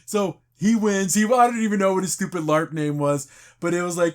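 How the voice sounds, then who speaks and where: A man's voice: sits high, moderate pace. A man hosting a casual review podcast, animatedly retelling scenes and acting out the characters' lines. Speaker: podcast host.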